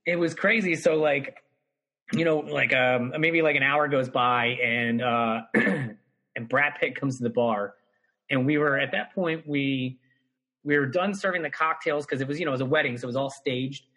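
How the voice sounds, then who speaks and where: Husky man telling a wild story. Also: normal speed. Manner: animated storyteller, swearing, jumps high for quoted voices. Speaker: guest comedian telling a story. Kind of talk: casual podcast storytelling.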